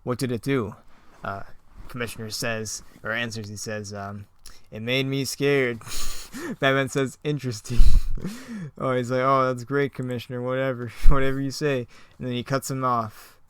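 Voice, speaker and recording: A man's voice: medium pitch, little pitch movement, normal speed, a bit bright, clean tone, dry recording. Man laughing through his old script. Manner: mocking, laughing at his own writing. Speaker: creator reading his own old script. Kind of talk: comedic script reading with commentary.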